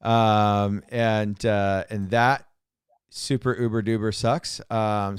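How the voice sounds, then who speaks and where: A man's voice: on the low side, level tone, slow, smooth, dry recording, clean studio sound. A man co-hosting a podcast in casual chat. He rambles, restarts and repeats words, and he drops joking, sarcastic asides. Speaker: podcast co-host.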